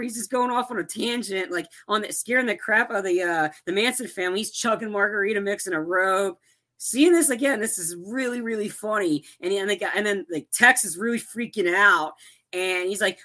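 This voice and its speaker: A man's voice: high-pitched, moderate pace, sharp tone. A man casually recapping a film's plot, rambling with many restarts and fillers and acting out characters' lines.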